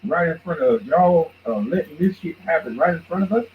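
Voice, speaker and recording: Animated ranting man on a lo-fi mic. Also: on the high side, a little fast. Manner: heated, mocking, swings between shouts and mutters. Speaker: podcast host. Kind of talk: profane ranting commentary. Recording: dull lo-fi recording.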